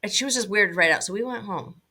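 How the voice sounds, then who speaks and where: A middle-aged woman recounting a hunting trip as an interview guest, animated and full of "like"s and fillers. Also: medium pitch, fast, slightly rough. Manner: animated, many fillers and "like"s, laughing now and then. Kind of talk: casual storytelling.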